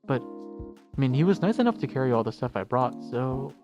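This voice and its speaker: A man's voice: medium pitch, expressive, normal speed, lo-fi sound, over music, close to an everyday voice. A man voicing a nervous, apologetic young male furry character in a visual novel, stammering and hesitant.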